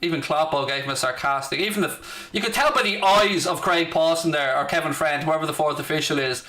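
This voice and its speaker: A South Dublin man with a Dublin Irish accent chats casually on a football watchalong stream, his voice fairly high, quick and sharp-toned. He's sarcastic and swears freely in brash banter, the way people talk in relaxed live-stream chat.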